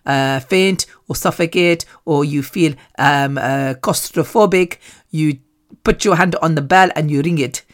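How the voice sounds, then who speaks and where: A woman putting on a calm Nigerian-accented male scan operator. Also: low voice, measured pace. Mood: instructive. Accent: Nigerian, put on. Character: male hospital scanner operator, calm and instructive.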